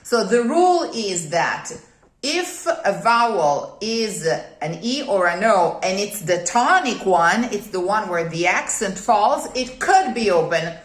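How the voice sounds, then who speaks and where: A woman's voice: medium pitch, big pitch swings, takes it slowly. Italian lady coaching diction, keeps checking okay?, patient and methodical, roomy echo. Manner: methodical, repeats key points, checks with "okay?". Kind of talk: one-on-one teaching explanation.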